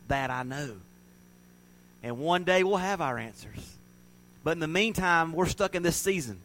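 A man preaching a sermon, swinging from loud, animated storytelling to soft, hushed reflection. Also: a little high, moderate pace, pauses often, a little hiss or hum, rough recording. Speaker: pastor.

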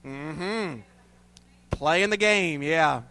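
Male pastor, sermon, folksy storytelling, high voice, self-mocking humor. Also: extremely slow, sharp tone. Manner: folksy, storytelling, laughs at himself.

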